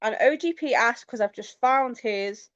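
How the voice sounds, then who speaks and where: A woman vlogging in casual chat, talking in a halting, hesitant way with many fillers. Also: a little high, fairly bright tone, dry recording, muffled recording.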